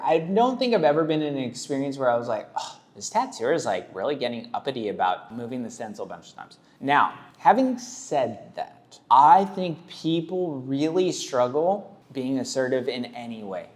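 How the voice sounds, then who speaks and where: A man's voice: medium pitch, animated, moderate pace, hardly any pauses. A man who works as a tattoo artist, giving casual reaction commentary in a blunt, rambling way, full of "like" and "dude".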